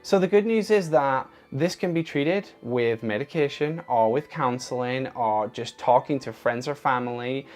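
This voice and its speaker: A man's voice: mid-range voice, moderate pace, few pauses, soft background music. A man talking casually to his viewers in an open, earnest and emotional way. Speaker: vlogger. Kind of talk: casual talk to camera.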